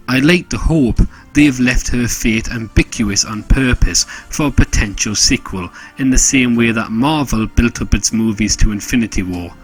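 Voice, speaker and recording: Guy doing a snarky game review voiceover, husky voice, faint music under it. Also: medium pitch. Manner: sarcastic, joke-heavy. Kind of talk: scripted comedic review narration.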